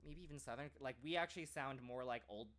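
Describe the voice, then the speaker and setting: A man's voice: mid-range voice, fast talker, a bit bright. Rambling American man chatting casually. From United States. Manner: rambling, full of "like" and restarts. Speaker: streamer.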